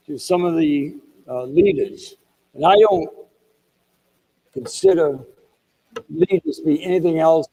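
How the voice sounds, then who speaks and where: A man's voice: a little high, warm tone, breathy edge, poor audio. An older man with a Boston accent gives a rambling motivational keynote, wandering through asides and self-deprecating stories. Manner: digressive storyteller with asides and self-deprecating jokes. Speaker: keynote speaker. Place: conference hall.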